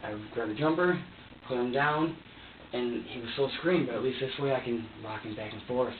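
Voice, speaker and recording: A man being questioned by police, recounting events in a halting, repetitive way with many fillers and restarts. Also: mid-range voice, far from the mic, a little hiss or hum. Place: sheriff's interview room. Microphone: distant room recorder. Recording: tinny lo-fi, echoey room, off-mic.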